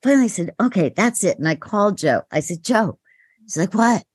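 An older woman, a guest actress in an interview, telling animated stories, acting out quoted voices and laughing often. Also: medium pitch, brisk, slightly rough, dry recording.

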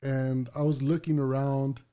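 A man who is a military veteran, talking in a low-key, reflective way on a casual podcast. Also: little pitch movement, a little slow, dark tone, slight background noise.

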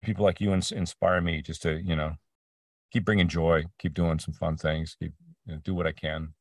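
A man's voice: deep voice, little pitch movement, moderate pace, distant mic. A man being interviewed about his voice acting career, telling stories with many restarts and acting out the people he quotes. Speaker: voice actor guest. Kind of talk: casual interview conversation.

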